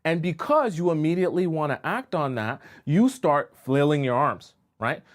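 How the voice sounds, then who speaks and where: A man coaching viewers on dating during a livestream, spinning an extended story to make his point. He keeps checking in with the listener as he goes, and his voice sits a little above a typical male pitch. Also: expressive, normal speed. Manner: storytelling, with frequent "okay?" and "right?" check-ins. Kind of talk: livestream advice talk.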